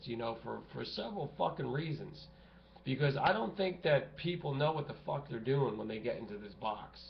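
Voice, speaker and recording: A man rambling and ranting to camera in a vlog, cursing often and restarting his sentences. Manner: profane, agitated, rambling with many restarts. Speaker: vlogger. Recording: muffled low-fi home recording with faint hiss.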